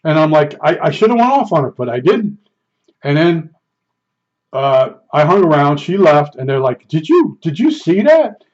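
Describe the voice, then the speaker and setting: A storyteller with a fairly high, animated voice spins tales at a normal speed, rambling casually and poking fun at himself while chuckling. The lo-fi recording sounds dull.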